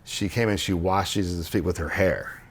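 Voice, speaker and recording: A man on a podcast, explaining ideas earnestly in casual conversation and acting out quoted dialogue as he goes. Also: moderate pace. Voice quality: low gravelly voice, husky. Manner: earnest, animated storytelling with restarts and quoted dialogue. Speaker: podcast co-host explaining religious history.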